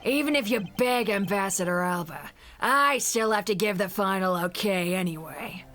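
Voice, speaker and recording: A woman's voice: mid-range voice, moderate pace, a bit bright, soft background music, close to an everyday voice. A woman reading a cocky, dismissive agent. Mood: smug. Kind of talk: fan voice acting of a game.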